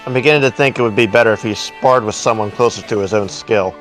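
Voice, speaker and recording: A man's voice: fairly low pitch, fast, over music, natural voice. A man reading as a stern mercenary father. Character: gruff middle-aged male mercenary leader, stern father.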